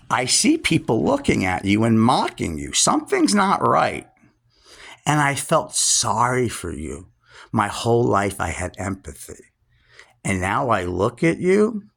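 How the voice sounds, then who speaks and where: A man in his sixties ranting scornfully, straight into the camera, at a relative, pausing to stress his words. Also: medium pitch, gravelly, fairly bright tone. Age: 60s. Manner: scornful, drawn-out emphatic pauses. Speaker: vlogger. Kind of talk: angry direct-address rant.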